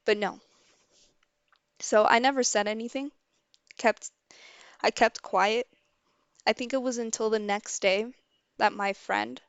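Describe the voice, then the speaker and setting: Gravelly-voiced young woman telling a story. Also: a little high, no room sound. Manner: animated, swears freely, acts out quotes. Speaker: livestreamer. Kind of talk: casual storytelling on a livestream.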